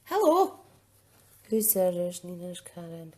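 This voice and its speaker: A woman's voice: low-pitched, a little slow. A woman chatting casually and thinking aloud while demonstrating a card-making project. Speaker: craft demonstrator. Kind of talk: casual live-streamed craft demo.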